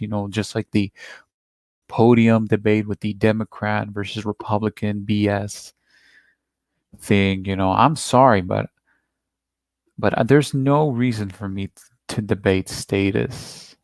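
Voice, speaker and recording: A man with a lowish voice hosts a reaction video, commenting casually on a clip he plays. His talk rambles, repeats itself, and turns defensive, and there's no echo.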